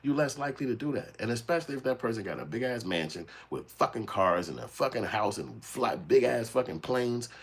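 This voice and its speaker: Fast-talking husky man. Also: medium pitch. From United States. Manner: profane, animated, streetwise storytelling. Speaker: commentary show host. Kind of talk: casual commentary rant.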